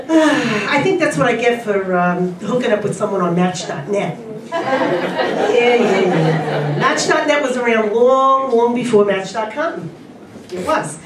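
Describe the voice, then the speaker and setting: A middle-aged woman doing a stand-up comedy set on a convention stage, with punchy, drawn-out delivery and laughs. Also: fairly high pitch, expressive, crowd noise. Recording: echoey room from far off, loud ambience. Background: audience laughter.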